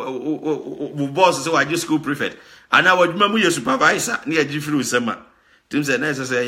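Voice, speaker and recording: This talk show host is a Ghanaian man with a fairly high pitch and a sharp tone. Mixing Twi and English in animated commentary, he stresses his points, keeps repeating words and breaks into laughter.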